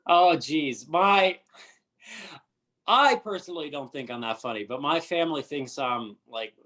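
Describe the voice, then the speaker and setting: A man's voice: a little high, lively intonation, measured pace, sharp tone. Rambling young male country singer. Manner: hesitant, many fillers and restarts. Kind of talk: casual interview chat.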